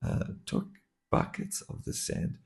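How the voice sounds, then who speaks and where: A man, a monk, telling a story while teaching a scripture class, halting with many fillers and restarts.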